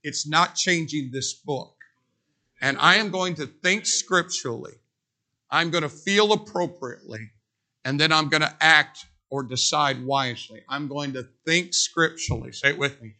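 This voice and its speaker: A middle-aged male preacher delivers an emphatic sermon from the pulpit of a church. His voice is bright, piercing and forceful, and it sits slightly higher than most men's. He hammers his points home with repeated phrases and dramatic pauses. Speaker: pastor. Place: church sanctuary.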